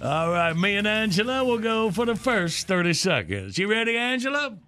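Bright-voiced male radio host. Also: sits high, big pitch swings, moderate pace. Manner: laughing, upbeat game-show patter. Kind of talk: hosting a word game on a radio show.

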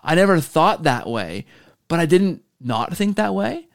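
Animated male podcast host. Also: a little high, normal speed, vocal fry. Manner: animated storyteller, many "right?" tags. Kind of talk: casual podcast conversation.

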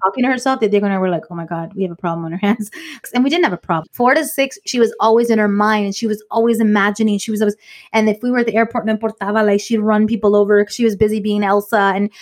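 Woman, podcast co-host, quick pace, lively storytelling, mixes in Spanish. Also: mid-range voice. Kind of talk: casual chat.

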